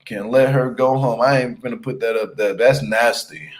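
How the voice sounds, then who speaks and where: A man's voice: mid-range voice, fairly even intonation, normal speed, poor audio. A man giving casual, slangy recap commentary on a reality show, teasing and laughing as he talks. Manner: repeats "you hear me" for emphasis.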